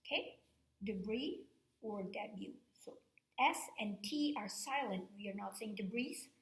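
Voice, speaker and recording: Slow, patient woman teacher. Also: medium pitch. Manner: slow, patient, explaining step by step with frequent "okay?". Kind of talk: recorded reading lesson for fourth graders. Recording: echoey room sound.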